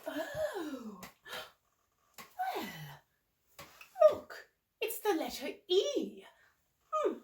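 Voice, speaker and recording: A woman's voice: sits high, heavily acted. A woman playing a cheerful, prim English nanny with an English accent, hosting a children's storytime in character, full of gasps and exclamations and coaxing young viewers at home. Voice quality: bright, gasping, exclamatory, full of "oh"s. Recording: roomy echo, voice from a distance.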